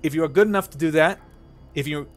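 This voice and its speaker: A man voicing a boastful, grumpy old male fisherman with a put-on Southern accent, gruff and taunting. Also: on the high side, quick pace, soft background music, pitched above the performer's own voice, lightly acted. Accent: put-on American Southern.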